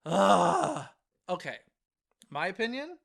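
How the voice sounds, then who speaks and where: Guy cohosting a podcast, kinda high voice, chatty and excitable, laughs a lot. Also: creaky. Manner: chatty and excitable, laughs often, quick asides. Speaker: podcast co-host. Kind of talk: casual chat.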